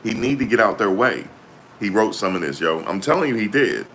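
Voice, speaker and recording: A man giving slangy, excitable reaction commentary on a trial, exclaiming and repeating his points. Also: lowish voice, fairly quick, a little hiss or hum.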